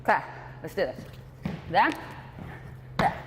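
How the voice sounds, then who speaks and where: A woman's voice: slow pace, big-room sound, background noise. A woman fitness trainer coaching a workout class, encouraging and out of breath between exercises.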